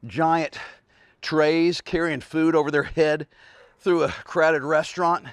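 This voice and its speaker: A man's voice: a little high, flat delivery, takes it slowly, smooth, dry recording, clean studio sound. A man in his forties, a fitness coach, talking casually while demonstrating heavy carrying exercises outdoors, out of breath, grunting and sighing with effort between sentences. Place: outdoors in a backyard.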